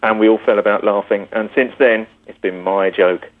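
A man's voice: lowish voice, fairly even intonation, normal speed. A man from the UK, a police officer, calling in to a radio show and playing along with mock indignation. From United Kingdom. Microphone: telephone. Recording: tinny phone line.

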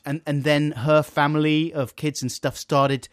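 A man co-hosting a casual chat, telling an anecdote with lively, expressive delivery. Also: on the high side, a little slow, dry recording, studio quality. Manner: animated, expressive storyteller who acts out voices. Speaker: podcast co-host.

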